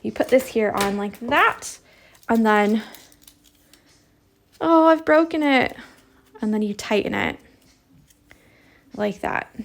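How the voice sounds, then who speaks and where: A woman's voice: medium pitch, steady tone, slow, gravelly, pauses often. A young woman giving a chatty, upbeat embroidery tutorial, explaining step by step. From Canada. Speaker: embroidery teacher. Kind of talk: casual crafting tutorial.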